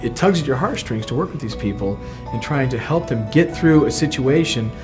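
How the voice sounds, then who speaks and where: A man's voice: medium pitch, expressive, a little fast, over music. A man, a real estate agent, speaking earnestly and sympathetically in an interview.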